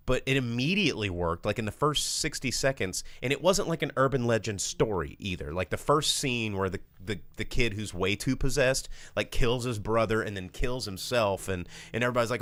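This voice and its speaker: A man co-hosting a live show, reviewing a film in casual, rambling chat full of fillers, slipping into quick voices for the characters. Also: medium pitch, lively intonation, a bit bright, no room sound. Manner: rambling, filler-heavy, acts out characters' lines. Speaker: podcast co-host, film reviewer.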